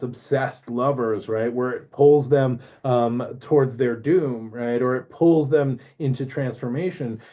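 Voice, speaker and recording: A man's voice: mid-range voice, mellow. A man hosting an astrology talk show, rambling casually and often asking "right?". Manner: rambling, filler-heavy, keeps asking "right?". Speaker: astrology podcast host.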